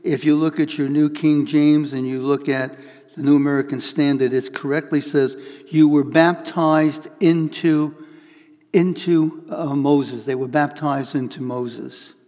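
A male pastor preaching a sermon, telling illustrations with lively acted-out voices and reading scripture aloud. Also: fairly high pitch, unhurried, big-room sound. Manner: animated storytelling, acts out voices in illustrations.

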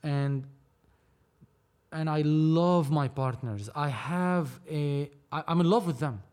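A man's voice: a little high, takes it slowly, darkish tone, clear, resonant tone. A man from Lebanon, talking animatedly as a podcast guest, repeating himself as he goes. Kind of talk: casual conversation.

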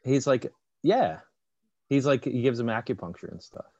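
A man co-hosting a comedy podcast, wry and deadpan, often trailing off with fillers. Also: mid-range voice, moderate pace, no echo, highs cut off. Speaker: podcast co-host. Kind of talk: casual comedy banter.

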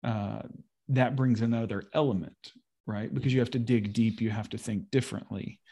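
A man's voice: on the low side, fairly even intonation, moderate pace, gravelly, dark tone, slightly rough. A man in a casual conversation about pastoral ministry, thinking aloud and repeating words as he goes.

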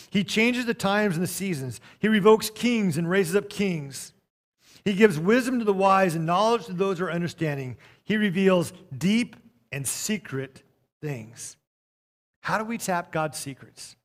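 Pitched high, a man's voice carries a sermon as he serves as pastor, alternating quiet moments with loud outbursts. He reads from scripture and tells a story along the way.

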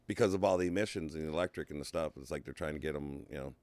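A man's voice: a bass voice, racing, a little mellow, no echo. A man hosting a casual talk show, laid-back and chatty, often ending his lines with "man". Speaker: show host. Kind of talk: casual chat. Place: indoors behind a screen.

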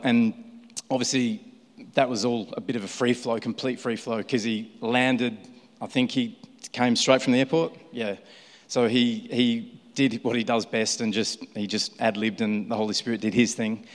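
Emotional preacher man in his forties. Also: mid-range voice. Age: 40s. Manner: warm, emotional, rambling with restarts. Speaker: guest preacher. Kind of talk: church sermon. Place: large church hall. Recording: long hall reverb.

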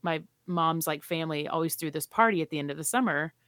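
A woman's voice: low-pitched, fast talker, a bit bright, no room sound, clean studio sound. A woman from Charleston co-hosting a podcast, chatting expressively and laughing easily. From Charleston, South Carolina. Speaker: podcast co-host. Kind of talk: casual chat.

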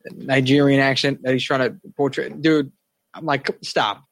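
A man's voice: mid-range voice, little pitch movement, moderate pace, gravelly, no echo. A man co-hosting a wrestling podcast who talks in a laid-back way, often ending lines with "man". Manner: laid-back, says "man" a lot, laughs easily. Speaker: podcast co-host. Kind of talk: casual wrestling chat.

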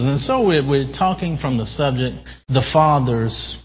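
Slow, emphatic preaching man in a hall. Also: medium pitch, animated. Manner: slow, emphatic preaching with drawn-out key words. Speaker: pastor. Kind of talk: sermon. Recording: dull lo-fi sound in a reverberant hall.

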